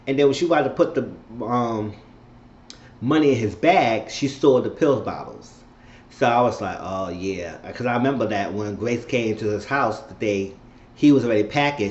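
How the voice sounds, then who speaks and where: A man with a medium-pitched, slightly mellow voice gives a casual, opinionated spoken recap of a TV episode, retelling scenes and acting out the characters' lines. The recording is lo-fi and dull, made in an echoey room with faint noise.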